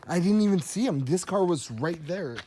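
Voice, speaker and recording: A paranormal investigator who asks questions and thinks out loud in a casual chat at a site. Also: mid-range voice, animated, moderate pace, slight background noise.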